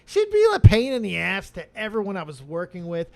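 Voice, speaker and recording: Lively high-voiced man, casual swearing. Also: creaky. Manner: animated, swearing, quick bursts of laughter and mock quotes. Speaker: podcast host. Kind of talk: casual profane chat.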